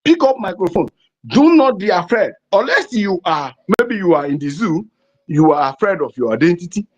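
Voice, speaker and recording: A man's voice: sits high, very animated, normal speed. A man from southeastern Nigeria with a Nigerian English accent, giving an impassioned political address with emphatic, repetitive rhetoric. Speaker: political activist. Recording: dull lo-fi recording.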